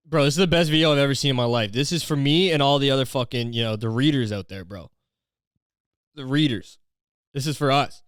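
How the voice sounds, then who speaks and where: A young man hosting a comedy podcast, ranting in a profane, animated, self-mocking way. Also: mid-range voice, clean tone, dry recording, clean studio sound. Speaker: podcast host.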